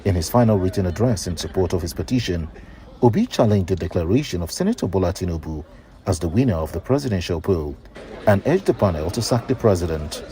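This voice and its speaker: A man reading a formal news report on a court case in a measured way. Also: low voice, animated, warm tone. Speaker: news reader.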